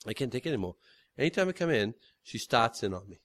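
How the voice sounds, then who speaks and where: A man's voice: mid-range voice, sing-song, fast talker, a bit bright, pitched below the performer's own voice. A man voicing a weary, exasperated husband complaining about his nagging wife.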